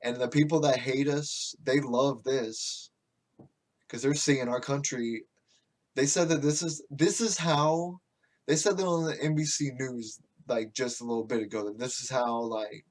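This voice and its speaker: At a moderate pace and with fairly even intonation, a medium-pitched American man rants casually about politics on his podcast. His talk is profane and meandering, broken up by restarts and asides.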